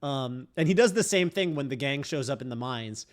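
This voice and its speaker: A man's voice: medium pitch, lively intonation, normal speed. A man streaming a game, chatting casually in a rambling way full of fillers and restarts. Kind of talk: casual chat while streaming.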